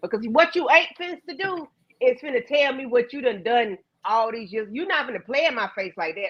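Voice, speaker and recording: Woman co-host, husky voice, lively swings in pitch, dull lo-fi sound. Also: a little fast. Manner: expressive and indignant. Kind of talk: casual reaction chat.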